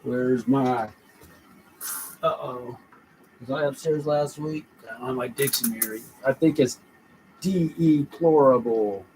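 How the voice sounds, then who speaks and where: A man's voice: mid-range voice, fairly even intonation, takes it slowly, pauses often, a little mellow, a little hiss or hum, rough recording. A man thinking aloud as he drafts rhyming lines, repeating phrases and trying them out with sudden emphatic bursts. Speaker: podcast host writing rhymes. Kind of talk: thinking aloud while writing lyrics.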